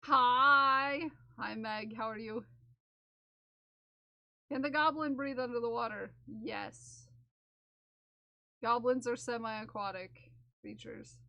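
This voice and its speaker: High bright-voiced woman streamer, playful. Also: fairly even intonation, creaky, no echo. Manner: playful, giggly, repeats phrases in silly drawn-out voices. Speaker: livestreamer. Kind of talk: casual live-stream chat with viewers.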